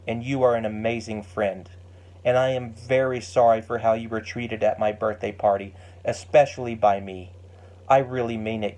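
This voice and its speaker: A man's voice: mid-range voice, a little mellow, lightly acted. A man voicing a young woman who earnestly apologizes to her best friend in a story. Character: remorseful young woman, warm and eager friend.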